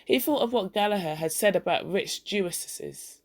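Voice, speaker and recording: A woman reading a classic short story aloud at a measured pace, stopping now and then to spell out and define a word. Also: fairly low pitch, expressive. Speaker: story reader.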